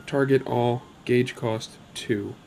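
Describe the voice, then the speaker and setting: A man's voice: medium pitch, fairly even intonation, takes it slowly, gravelly, darkish tone. A man with a mid-range voice talks through a game session in casual commentary. He is chatty and upbeat and drifts into rambling asides. Faint noise sits under his voice. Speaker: gaming channel host.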